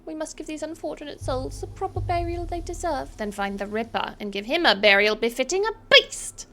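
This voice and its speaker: Game townsperson in grief, done by a woman: shrill, dramatic lamenting. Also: animated, a little fast, sharp tone, a little hiss or hum, heavily acted. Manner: high, theatrical lament.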